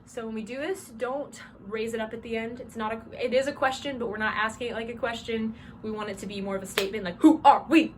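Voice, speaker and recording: A woman's voice: on the high side, fairly even intonation, fast, hardly any pauses. Chatty young Southern woman teaching in a small dorm room. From South Georgia, US. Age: young adult. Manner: chatty, with frequent "um" fillers and spoken demonstrations of commands. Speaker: drum major instructor. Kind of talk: casual instructional talk. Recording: small room with clear background noise.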